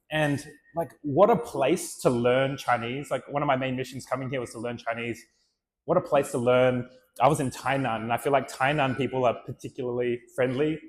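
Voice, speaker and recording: A man from Australia, telling personal stories to an audience in a relaxed, chatty way with many fillers. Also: mid-range voice, a little hiss or hum. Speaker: speaker and vlogger. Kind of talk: storytelling talk to an audience.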